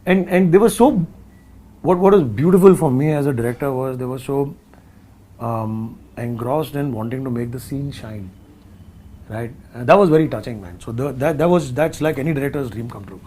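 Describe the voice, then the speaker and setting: A man's voice: mid-range voice, moderate pace, warm tone. A man with an Indian accent, a film director talking casually in an interview, thoughtful and full of restarts. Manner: thoughtful, rambling with many restarts and asides.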